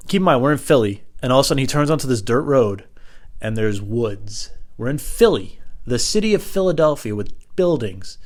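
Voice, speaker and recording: A young man spins a comic personal story on his podcast. He rambles, drifts into side remarks that mock himself, and swears freely. His voice sits at an ordinary middle pitch. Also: a little mellow. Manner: rambling, profane, self-mocking asides. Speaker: podcast host.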